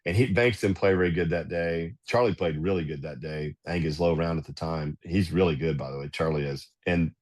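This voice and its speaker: A middle-aged man, a golf club director and podcast guest, telling anecdotes in casual, animated fashion. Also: sits low, a little fast, few pauses. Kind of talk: casual storytelling.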